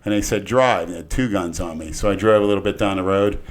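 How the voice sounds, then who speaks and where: An older man on a podcast telling a rambling, crude story in casual talk, swinging between hushed and loud. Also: low-pitched, steady tone, fast talker. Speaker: podcast regular.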